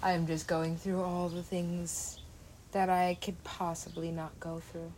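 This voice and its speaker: Woman DJ, slow and meandering, casual swearing, laughs a lot. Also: lowish voice, flat delivery, darkish tone, slight background noise. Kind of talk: rambling casual monologue.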